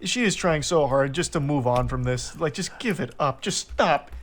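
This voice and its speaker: A man's voice: fairly high pitch, lively intonation, normal speed, a bit bright. A man commenting in a reaction video, reading out text messages with incredulous, mocking exasperation. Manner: incredulous, mocking, reads texts aloud with exasperation.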